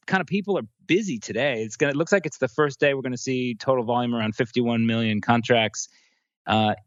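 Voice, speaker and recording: A man co-hosting a markets podcast, talking through options trades in a relaxed way with many fillers. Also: mid-range voice, dry recording, highs cut off. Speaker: co-host, options analyst. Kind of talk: casual market talk.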